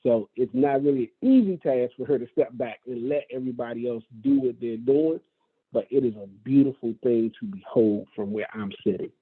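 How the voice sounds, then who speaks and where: A man's voice: mid-range voice, a little fast, husky. A man leading a real estate brokerage gives a folksy, enthusiastic motivational speech to his agents, often repeating himself for emphasis. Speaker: brokerage leader addressing agents. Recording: tinny phone-like sound.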